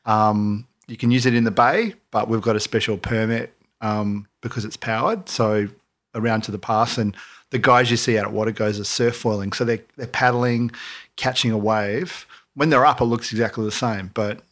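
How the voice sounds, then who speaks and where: Guest: man, lowish voice, easygoing explanatory podcast talk. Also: normal speed. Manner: relaxed, explanatory, many fillers. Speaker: guest, company founder. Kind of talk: casual interview answers.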